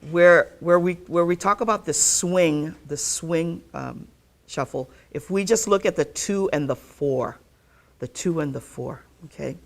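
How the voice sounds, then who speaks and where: A woman teaching a live online ukulele lesson. She talks patiently, repeats herself, checks in with "okay?" and counts the beats out loud. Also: low voice, gravelly. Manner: counts beats aloud while playing. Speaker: ukulele instructor.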